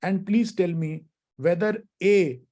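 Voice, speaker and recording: A man's voice: high-pitched, takes it slowly, warm tone. A middle-aged man giving a law lecture, asking the audience questions and addressing them as friends. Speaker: workshop speaker, lawyer.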